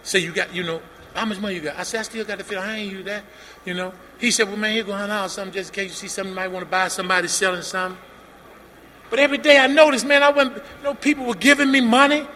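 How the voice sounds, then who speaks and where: Man, high gravelly bright voice, animated testimony in a reverberant hall. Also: very fast. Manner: animated storytelling, acting out both sides of dialogue, rising to shouts. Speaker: recovery meeting speaker. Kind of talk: personal testimony at a meeting. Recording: long hall reverb with faint room noise.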